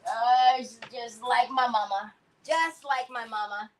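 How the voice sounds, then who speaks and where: A woman's voice: a little high, fairly even intonation, unhurried. A middle-aged woman hosting a crafting livestream, chatting in a rambling, storytelling way as she works. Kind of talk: casual chat while crafting.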